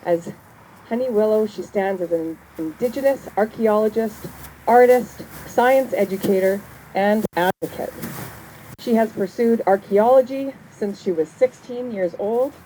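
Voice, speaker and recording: A woman hosting an event, reading a formal introduction of the next speaker in a measured, earnest way. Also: medium pitch, mellow, a little hiss or hum, rough recording.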